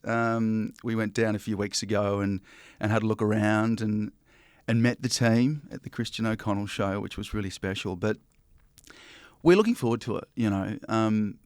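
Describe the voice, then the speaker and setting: A man's voice: lowish voice, no echo. Chatty Australian man, dry sound. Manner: chatty, with many ums and restarts. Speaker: interview guest, broadcaster. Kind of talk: casual interview chat.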